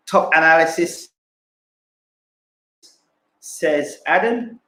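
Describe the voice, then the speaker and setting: A man's voice: mid-range voice, moderate pace, reverberant, rough recording. A man giving casual boxing fight analysis, repeating himself and acting out punches with sound words. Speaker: boxing pundit streamer.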